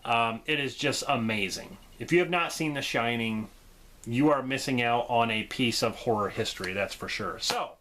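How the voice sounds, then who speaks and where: A man's voice: medium pitch, normal speed, pushed and bright, slight background noise. A man giving a casual, enthusiastic movie review for his channel, gushing and laughing often.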